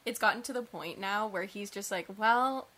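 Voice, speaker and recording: A woman's voice: medium pitch, a little fast. A young woman co-hosting a casual chat, telling stories in an exaggerated, giggly way. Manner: animated, exaggerated storytelling, giggly. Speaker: podcast co-host.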